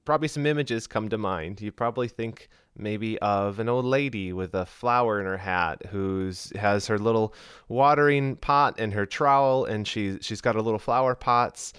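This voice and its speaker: A man's voice: on the low side, fairly bright tone, clear, resonant tone, no echo, clean studio sound. A man co-hosting a podcast in casual, jokey conversation, chatting easily and laughing. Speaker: podcast co-host.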